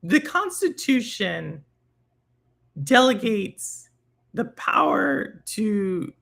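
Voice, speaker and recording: A podcast host in casual chat who talks in an animated way, thinking aloud and restarting sentences. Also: medium pitch, very slow, creaky.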